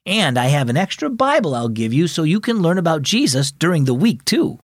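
A man voicing an eager, excitable young boy in a children's audio story, with a raised, wide-eyed delivery. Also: fairly high pitch, fairly quick, no room sound, studio quality. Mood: earnest. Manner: excited, wondering.

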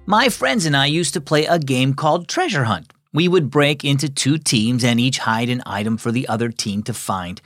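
A man hosting a children's devotional program, reading scripted narration in a friendly, clear, measured way. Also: mid-range voice, expressive, fairly bright tone, no room sound, studio quality, faint music behind.

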